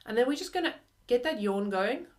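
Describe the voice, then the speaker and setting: A woman's voice: a little high, expressive, brisk. A young adult woman teaching flute in a friendly, chatty way, often using "like" and "kind of". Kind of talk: video lesson.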